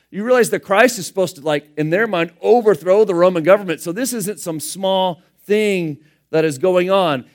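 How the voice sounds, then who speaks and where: A man preaching a sermon in a conversational way, acting out the scripture dialogue in casual everyday voices. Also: sits high. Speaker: pastor.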